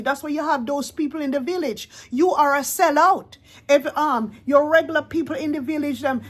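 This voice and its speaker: A woman with a high voice. She scolds in a confrontational vlog rant and keeps hammering the same points. She sounds blunt and accusing. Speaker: reaction vlogger. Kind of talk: ranting reaction commentary.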